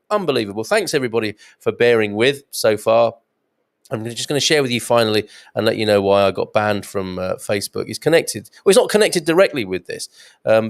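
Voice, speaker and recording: Chatty English man hosting live stream. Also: medium pitch. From England. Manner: chatty, rambling, chuckles often. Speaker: host. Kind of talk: live-stream chat reading out comments.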